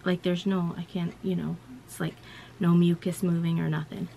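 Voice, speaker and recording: Over a faint background hum, a woman vlogger casually rambles through a personal story, filling it with "like" and "you know." Her voice is low, gravelly, and mellow, with a level tone at normal speed.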